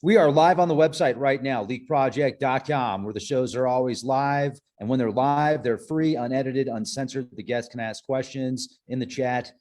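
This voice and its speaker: A man's voice: medium pitch, normal speed, few pauses, darkish tone. A man hosting a live stream, upbeat and promotional, joking with his guests. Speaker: show host.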